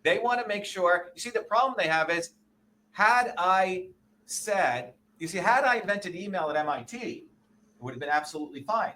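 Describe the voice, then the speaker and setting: Forceful, high-voiced indignant man. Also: lively intonation, normal speed, a little hiss or hum. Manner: profane, emphatic, indignant, keeps checking with "okay?" and "you see?". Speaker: interview guest, presidential candidate. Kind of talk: combative interview talk.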